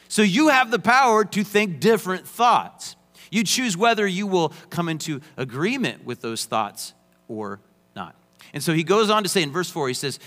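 A man's voice: fairly high pitch, bright, forceful tone. A young adult man preaching a sermon, emphatic with joking asides. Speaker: pastor. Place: church sanctuary. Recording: long hall reverb.

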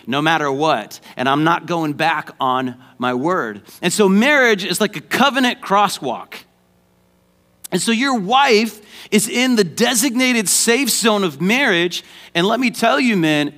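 A man's voice: high voice, fairly bright tone. A man preaching a sermon as pastor, conversational and joking, then rising to emphatic points.

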